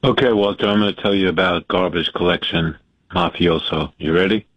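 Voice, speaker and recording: Very deep-voiced male caller, lo-fi line. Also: a little fast, no room sound. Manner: earnest, hesitant storyteller. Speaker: radio caller. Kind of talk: call-in radio talk.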